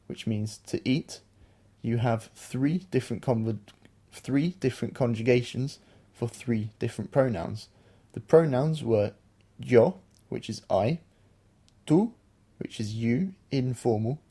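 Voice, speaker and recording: Guy teaching a beginner spanish lesson on a podcast, patient, warm mellow voice. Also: medium pitch, breathy edge. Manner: patient, explanatory. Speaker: language teacher, podcast co-host. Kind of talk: explaining a beginner language lesson.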